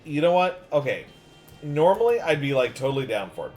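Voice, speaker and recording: A man streaming a game, reading dialogue aloud with playful, animated commentary. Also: fairly high pitch, a little fast, faint music behind.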